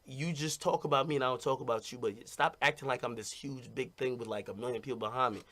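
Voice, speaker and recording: A man's voice: medium pitch, steady tone, fast, sharp tone. A man talking casually and bluntly to his stream audience, rambling and repeating "you know what I mean".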